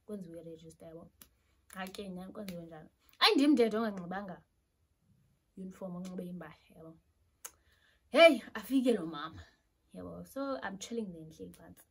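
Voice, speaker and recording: A young South African woman with a South African accent telling a personal story in an animated, casual way. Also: mid-range voice, slightly rough. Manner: animated storytelling, switching between Xhosa and English. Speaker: YouTuber.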